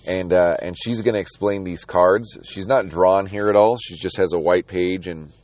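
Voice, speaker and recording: A man's voice: low voice, steady tone, normal speed, darkish tone, no room sound, highs cut off. A man talking casually about a comic book, rambling with restarts and reading passages aloud.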